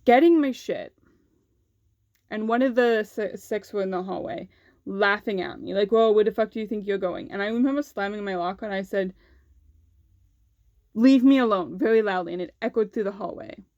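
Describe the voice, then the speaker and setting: A woman's voice: medium pitch, fairly quick, a little mellow, no room sound. Candid young woman vlogger, dry sound. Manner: candid, swears freely, heavy use of "like". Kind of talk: casual storytelling vlog.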